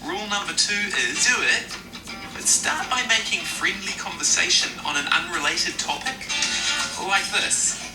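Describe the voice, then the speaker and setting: A man's voice: high voice, normal speed. A man in his twenties with a New Zealand accent, voicing an easygoing young Kiwi cartoon character. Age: 20s. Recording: echoey clip with music behind.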